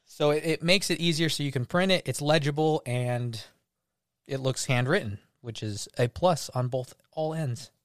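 A man's voice: a little high, moderate pace, no room sound. Man, podcast co-host, casual chat, playful, laughs a lot, dry sound. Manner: playful, laughs often, acts out silly voices in his anecdotes.

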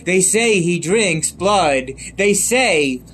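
A man's voice: high-pitched, lively intonation, very slow, fairly bright tone, faint music behind, exaggerated voice. A man doing an impression of a madcap male clown villain from a film, with a showy, mocking, sing-song delivery. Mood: gleeful.

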